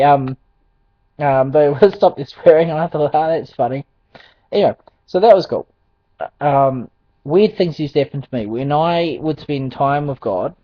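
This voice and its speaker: A man tells a personal faith testimony, hesitating often with ums and restarts and chuckling as he goes. His mid-pitched voice sits in a dry, close space. The recording is dull and lo-fi. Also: no room sound. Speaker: Christian testimony speaker. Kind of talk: casual spoken testimony.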